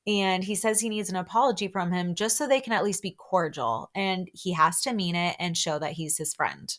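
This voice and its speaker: Young woman podcast host, slightly low voice, gushy casual recap chatter. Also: normal speed, a bit bright. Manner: chatty, gushing, with frequent "like" and laughs.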